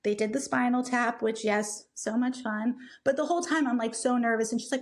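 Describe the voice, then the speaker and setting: A young woman co-hosting a podcast, telling a personal story in a casual, animated way and acting out what people said. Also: on the high side, brisk. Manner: animated, acts out quoted people, many "like" fillers. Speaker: podcast co-host.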